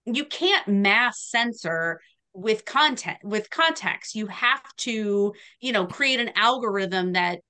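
A woman's voice: mid-range voice, animated, takes it slowly, pushed and bright. A woman guest podcaster chatting casually, earnestly explaining her point at length. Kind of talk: casual chat.

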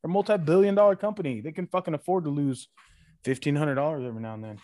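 A man's voice: a little high, very fast, dry recording. A man, a podcast guest, telling a rowdy story in casual chat, swearing constantly and piling on fillers. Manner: profane, animated storytelling full of fillers. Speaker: podcast guest, former retail loss-prevention worker.

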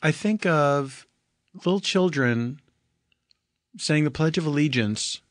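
A man guesting on a comedy podcast, bantering in a dry, deadpan, mock-earnest way. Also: fairly high pitch, slow, dry recording. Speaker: guest co-host.

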